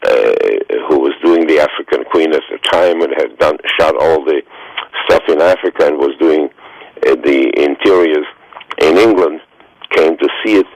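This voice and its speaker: A man in his nineties with a very deep, gravelly voice, telling stories slowly and haltingly on a radio interview. He comes through a dry phone line with no room around him. His sentences wander and restart as he talks. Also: dry recording. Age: 90s. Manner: slow, halting storytelling with many fillers. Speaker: guest.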